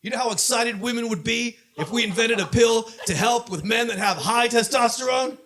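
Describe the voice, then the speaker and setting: A man from Southern California doing a stand-up comedy set on a club stage, punchy delivery that builds to shouted punchlines. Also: very high-pitched, moderate pace, a little hiss or hum.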